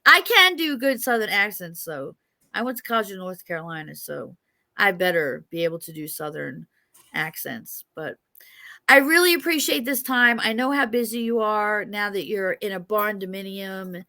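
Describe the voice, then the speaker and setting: A woman's voice: medium pitch, moderate pace, vocal fry, sharp tone. A woman hosting an interview over a video call, chatting in a friendly way and often agreeing with her guest. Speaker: interview host. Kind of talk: casual interview chat.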